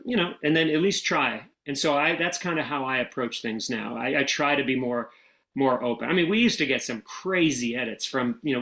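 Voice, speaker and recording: An American man speaking as an interview guest, his voice sitting at an ordinary middle pitch. He tells his stories in a loose, conversational way, full of "you know" and quick restarts. His delivery stays relaxed and easygoing. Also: poor audio. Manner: relaxed, anecdotal, frequent fillers and restarts. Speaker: guest, former speechwriter.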